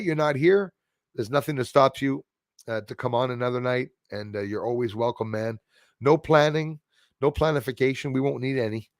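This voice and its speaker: A man's voice: medium pitch, no room sound, studio quality. A man hosting a casual livestream chat, rambling and reading out viewer comments. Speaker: livestream host.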